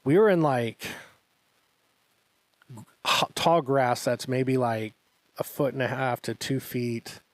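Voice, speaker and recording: A man co-hosting a podcast, telling a long anecdote in a casual, animated way and acting out what everyone said. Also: medium pitch, slow pace, long pauses, no room sound. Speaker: podcast co-host. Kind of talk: casual storytelling chat.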